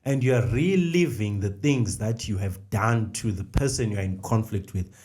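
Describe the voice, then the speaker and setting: A man's voice: lowish voice, moderate pace, a little mellow. A middle-aged man co-hosting a faith podcast, explaining ideas step by step and repeating the key phrases. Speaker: podcast co-host. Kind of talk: conversational faith discussion.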